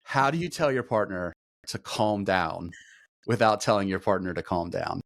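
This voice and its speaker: A man's voice: deep voice, normal speed, creaky, no echo. A man in his forties hosting a podcast, chatty and self-deprecating, asking long rambling questions. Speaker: podcast host. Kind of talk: casual podcast interview.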